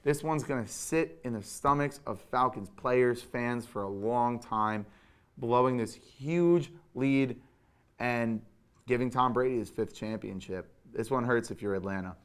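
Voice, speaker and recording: Man giving animated sports hot takes. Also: mid-range voice, a little slow, clear, resonant tone. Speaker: sports show host. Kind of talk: sports recap commentary.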